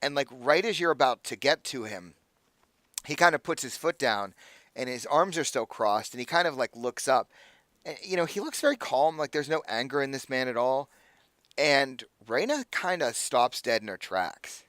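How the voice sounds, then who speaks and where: A man's voice: medium pitch, expressive, normal speed, a bit bright, no room sound. A man narrating a tabletop game as game master, rambling with lots of fillers.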